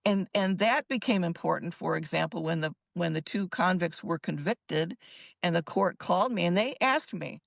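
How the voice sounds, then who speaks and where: Older woman, gravelly voice, dry close mic, emphatic and earnest, podcast interview guest. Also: lowish voice, moderate pace, dry recording. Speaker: guest psychologist. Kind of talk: recounting her story in an interview.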